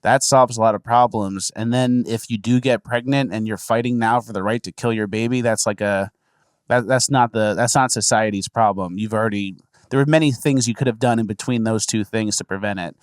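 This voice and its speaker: A man's voice: fairly low pitch, fairly even intonation, fairly quick, clear, resonant tone, dry recording, studio quality. A man hosting a casual podcast, commenting sarcastically and dismissively on news clips. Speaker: podcast host.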